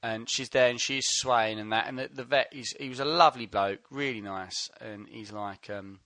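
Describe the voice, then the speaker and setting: A man with a mid-pitched, bright, punchy voice, telling an anecdote in a rambling, sweary way. The mic is close and the room is dry. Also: fairly even intonation, moderate pace, no room sound. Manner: swearing, rambling, laughs at own jokes. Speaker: podcast co-host. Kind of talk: casual storytelling.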